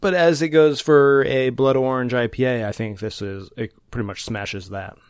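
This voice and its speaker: A man's voice: medium pitch, steady tone, normal speed, clean tone, no echo, clean studio sound. A man co-hosting a casual podcast, easygoing and full of hedges as he reviews a beer. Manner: easygoing, hedging with fillers. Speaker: podcast co-host. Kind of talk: casual chat.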